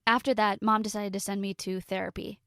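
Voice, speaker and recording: A woman in her twenties narrating a first-person story in a confessional tone, with dramatic pauses. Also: mid-range voice, little pitch movement, fairly bright tone, clear, resonant tone, dry recording, clean studio sound.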